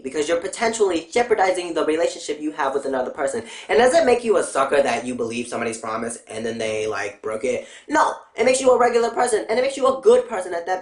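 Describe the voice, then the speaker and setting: Young woman ranting bluntly in a roomy space. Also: on the low side. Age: young adult. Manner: profane, blunt, animated ranting. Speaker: vlogger. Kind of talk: casual ranting vlog. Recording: roomy echo.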